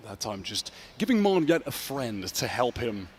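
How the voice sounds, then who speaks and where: A man giving live esports commentary, measured and analytical as he calls the action. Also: medium pitch, very animated, slight background noise. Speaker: esports play-by-play caster.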